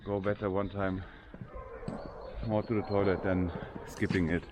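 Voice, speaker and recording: This vlogger, an older man with a German accent, speaks at a measured pace in a low, flat voice, chatting informally in imperfect English. He's walking through a large cemetery, and there's background noise.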